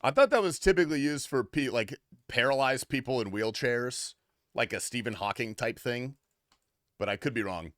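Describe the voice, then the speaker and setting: A man's voice: medium pitch, moderate pace, a bit bright, no echo, studio quality. A man streaming a game, chatting casually with his viewers in a crude, offhand way and swearing freely. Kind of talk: casual livestream chat.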